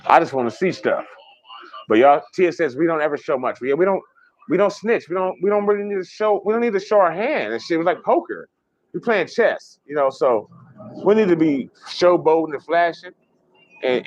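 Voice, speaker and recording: A man hosting a casual livestream, chatting fast and rambling, swearing freely as he reads viewer comments. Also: on the high side, lively intonation, lo-fi sound. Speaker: livestream host.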